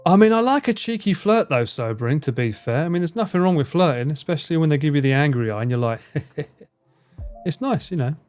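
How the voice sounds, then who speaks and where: A livestreamer with a slightly high, expressive, somewhat mellow and smooth voice talks briskly as he answers his chat. He rambles casually, swears freely and laughs often, with faint music playing behind him.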